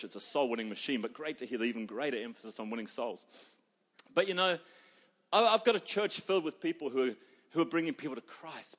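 A male pastor preaching a sermon, telling stories and acting out people's voices, swinging between loud outbursts and hushed moments. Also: mid-range voice.

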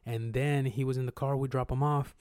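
A man's voice: mid-range voice, fairly even intonation, fairly quick, darkish tone, clean tone, no echo, studio quality. A young man co-hosting a podcast, telling rambling, slangy stories and acting out quotes with swearing. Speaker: podcast co-host. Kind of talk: casual storytelling chat.

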